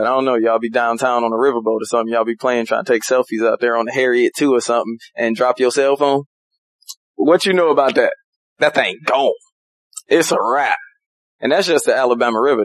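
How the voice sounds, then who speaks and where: Male pastor, casual sermon, animated folksy storyteller, dry close sound. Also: medium pitch, no echo, low-quality recording. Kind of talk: casual preaching.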